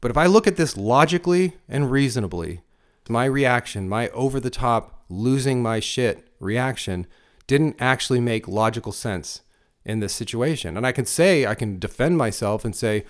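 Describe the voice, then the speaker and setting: A man's voice: mid-range voice, animated, normal speed. Blunt, crude-talking man lecturing. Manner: crude, emphatic, rhetorical questions. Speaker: father giving life advice. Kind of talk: blunt motivational monologue.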